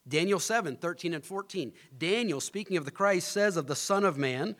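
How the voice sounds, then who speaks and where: Animated man preaching a sermon. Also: high voice, normal speed, few pauses. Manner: animated preaching, rising to emphatic peaks, asks the congregation questions. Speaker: pastor.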